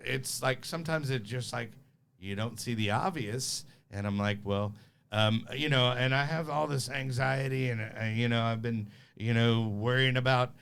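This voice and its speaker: A man's voice: medium pitch, normal speed, gravelly, clear, resonant tone. A man hosting a podcast in a loose, rambling, jokey chat style. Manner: rambling, chuckling, animated asides. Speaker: podcast host.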